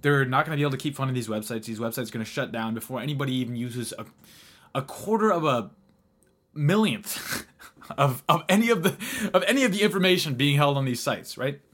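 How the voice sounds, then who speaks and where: A man's voice: medium pitch, animated, brisk, a bit bright. A young man hosting a casual podcast chat, rambling with restarts, laughing often and swearing casually. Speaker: podcast host.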